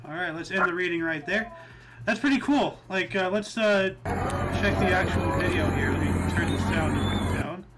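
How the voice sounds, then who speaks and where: A man's voice: high voice, moderate pace, over loud music. A man hosting a casual chat show, laughing often and steering the talk back to the news. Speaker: show host.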